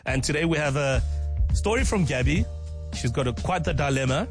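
A man's voice: a little high, expressive, moderate pace, music in the background. A man hosting a radio call-in show, talking things through in a reflective, conversational way. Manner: reflective, conversational, weighing both sides. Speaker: radio host.

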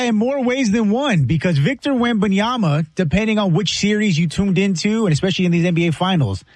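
An emphatic man on a sports talk show, his voice sitting a little high and ranging widely as he builds his point. The recording is dry and close. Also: a little mellow, no room sound. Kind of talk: sports commentary.

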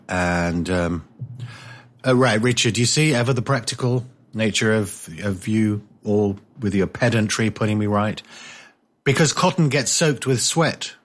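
A man's voice: fairly low pitch, measured pace. A man hosting a talk radio show, chatting casually with a rambling, jokey manner and many hesitations.

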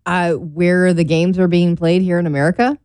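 A woman's voice: on the low side, fairly even intonation, normal speed, a little mellow, clean tone, dry recording. A woman co-hosting a radio talk show, chatting casually and self-deprecatingly in a studio. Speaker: radio co-host.

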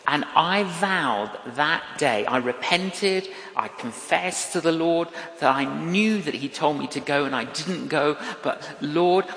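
A man delivers a sermon slowly and deliberately, spinning a wry personal story and hammering points home through repetition. His voice rings through a large hall with a long, roomy reverb. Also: a little high, animated, a bit bright. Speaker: preacher.

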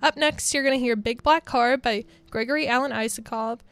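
A young woman in her twenties from Georgia, chatting casually as a college radio DJ in a studio, bubbly and quick to laugh. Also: fairly high pitch, a bit bright, clean tone. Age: 20s.

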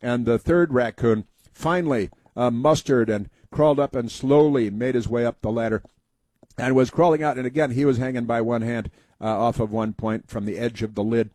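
A man's voice: medium pitch, normal speed, a little mellow, no room sound. A man hosting a talk show, telling rambling folksy stories and giving opinionated commentary.

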